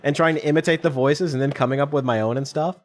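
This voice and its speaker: A man's voice: on the high side, fairly even intonation, quick pace. A man in casual podcast chat, agreeable and sarcastic. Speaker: podcast guest.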